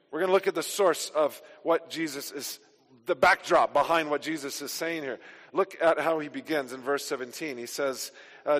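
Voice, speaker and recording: A high-voiced male pastor delivers an emphatic sermon, driving his points home with forceful declarations. His voice carries a long reverb, as if filling a church sanctuary. He keeps teaching steadily between the emphatic peaks.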